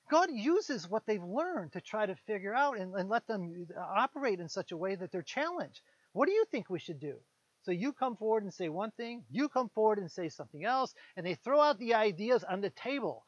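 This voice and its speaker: A man preaching a conversational sermon, retelling a Bible story with quick voiced asides for its characters. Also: high voice, sing-song, no room sound. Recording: dull, lo-fi sound.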